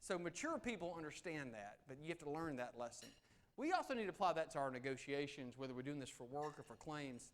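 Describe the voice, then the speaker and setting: Animated man giving a seminar. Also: fast. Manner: animated, shifts between loud emphasis and soft low tones. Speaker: negotiation speaker. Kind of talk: live seminar presentation. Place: meeting room with audience.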